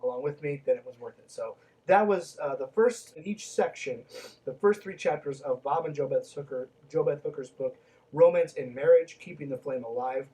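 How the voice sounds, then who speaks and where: A man's voice: a little high, normal speed, mellow, distant mic, poor audio. A man hosting a podcast, reading a book aloud and breaking off into snarky, sarcastic commentary with plenty of swearing.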